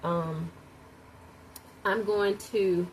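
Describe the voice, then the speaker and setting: A woman's voice: mid-range voice, steady tone, drawn-out words, a little mellow, poor audio. A middle-aged woman chatting casually to viewers in her home kitchen while she cooks, calling them "y'all" and exclaiming over the food. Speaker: home cook vlogger. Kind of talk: casual cooking vlog chat. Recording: kitchen sizzle and frying noise behind.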